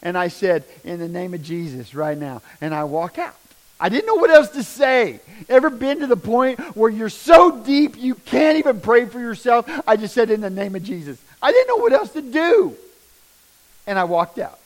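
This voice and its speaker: A middle-aged man tells a deeply emotional personal testimony as a father, in a voice pitched slightly higher than most men's. His delivery is raw and intense, dropping to hushed lows and then rising loud again as he speaks. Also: lively intonation, normal speed.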